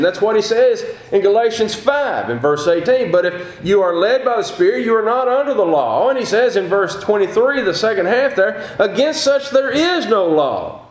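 An older man with a drawl preaches in a folksy, chatty way and often turns to his listeners with rhetorical questions. His voice sits high for a man. The sound carries a noticeable room echo. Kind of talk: sermon. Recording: echoey room.

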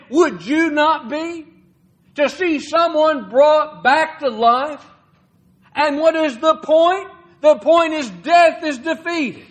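A man's voice: very high-pitched, fairly bright tone, poor audio. A man preaching a sermon, calling his listeners "my friend" and acting out scripture quotes.

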